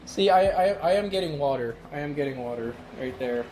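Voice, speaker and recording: A chatty streamer cooking at home on a live stream, mid-pitched voice with plenty of laughs, and a clear hiss of noise under everything. the talk jumps around, full of restarts and asides. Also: expressive, fairly quick, mellow. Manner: rambling, chatty, laughs often. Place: home kitchen.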